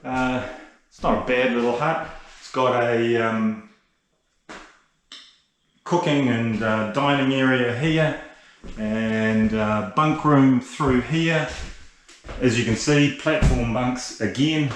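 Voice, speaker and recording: An older man, chatting casually as he films his solo hike on an action camera, relaxed and rambling with many fillers. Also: medium pitch, slow, slight background noise. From New Zealand. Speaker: solo hiker vlogger. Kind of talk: casual outdoor vlog narration. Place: backcountry hut and deck outdoors.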